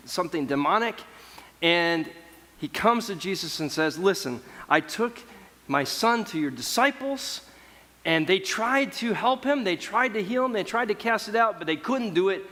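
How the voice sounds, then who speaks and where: A man preaching a sermon as pastor in a relaxed, conversational storytelling way, acting out the people in the story. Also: on the high side, in a large hall. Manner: conversational storytelling, voicing biblical figures.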